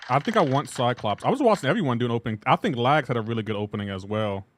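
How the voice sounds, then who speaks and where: A man's voice: mid-range voice, lively intonation, very fast. A man streaming a game live, chatting casually and greeting his viewers one by one in an upbeat, talkative way. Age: adult with a child.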